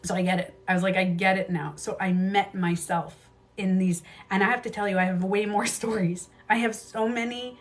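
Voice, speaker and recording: A woman in her thirties hosting a casual livestream, telling her own stories candidly, swearing freely and jumping into quick asides. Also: medium pitch, steady tone, soft background music. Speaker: beauty coach livestream host.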